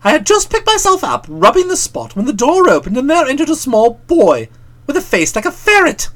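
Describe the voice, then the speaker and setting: A woman's voice: high voice, huge pitch swings, brisk. A woman narrating a first-person comic audiobook in a wry, theatrical, mock-pompous manner.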